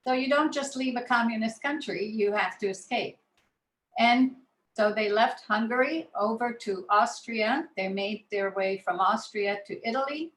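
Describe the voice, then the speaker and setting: Woman born in Israel, guest speaker, relaxed anecdotal storytelling, roomy echo. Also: on the high side, a little slow. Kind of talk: personal storytelling talk.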